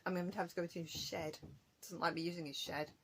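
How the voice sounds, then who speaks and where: A woman's voice: lowish voice, steady tone, fast talker, a bit bright, slight background noise. A woman chatting casually to camera in a home craft vlog, rambling from topic to topic and laughing often. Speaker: craft vlogger.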